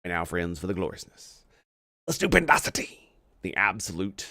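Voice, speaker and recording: Male stream host, theatrical and profane, animated delivery, dry mic. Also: deep voice, moderate pace, gravelly, pauses often, dry recording. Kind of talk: casual livestream commentary.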